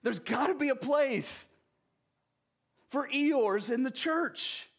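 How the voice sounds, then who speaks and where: A man preaching a sermon in a conversational way, often turning to the listeners with quick asides. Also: very high-pitched, vocal fry, husky. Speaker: pastor.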